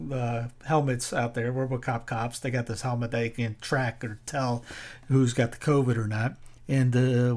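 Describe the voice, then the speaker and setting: Rambling, sarcastic man ranting to camera. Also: medium pitch. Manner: rambling and sarcastic, with restarts and laughs; rises into loud exhortation. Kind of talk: casual opinion monologue.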